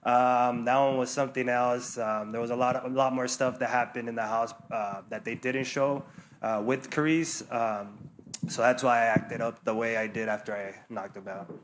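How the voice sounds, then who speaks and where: A man's voice: mid-range voice, fairly even intonation, moderate pace. Young fighter guy rambling loose, lots of ums, bit of noise behind. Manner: loose, rambling, laughs a lot, many fillers. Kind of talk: press conference answers.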